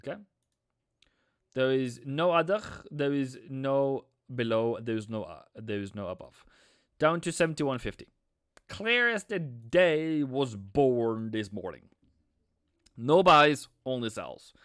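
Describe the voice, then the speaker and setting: A man's voice: mid-range voice, animated, slow pace, a bit bright, smooth, no echo, studio quality. A man giving live market analysis on a stream, chatty, repeating himself and answering viewers. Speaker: forex trading streamer.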